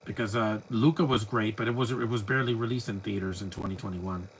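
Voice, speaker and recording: A man's voice: lowish voice, steady tone, quick pace, a little hiss or hum, low-quality recording. A man giving a live movie commentary, chatty and opinionated, full of rambling asides. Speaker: film commentator.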